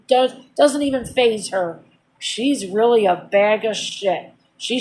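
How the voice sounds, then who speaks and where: A woman's voice: medium pitch, a little hiss or hum, poor audio. A woman telling a personal story in a casual vlog, venting in a heated, aggrieved and blunt way with repeated phrases and swearing. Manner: blunt, profane everyday speech. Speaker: vlogger.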